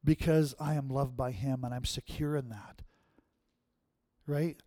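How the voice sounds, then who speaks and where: A middle-aged man preaching a sermon, telling a personal story and acting out his own lines with rising pitch and volume. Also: a little slow, no room sound. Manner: animated storyteller, acts out his own past quotes with rising pitch and loudness. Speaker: pastor.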